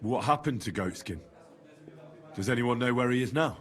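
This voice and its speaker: A man's voice: medium pitch, expressive, moderate pace, fairly bright tone, slightly rough. An actor playing a plain-spoken young male adventurer who asks matter-of-fact questions.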